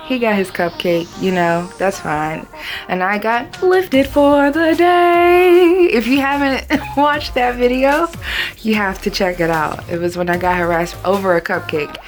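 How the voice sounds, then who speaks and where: A woman's voice: mid-range voice, expressive, normal speed, soft background music. A woman hosting a baking tutorial, chatty and bubbly, talking straight to her viewers. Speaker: baker and cake channel host.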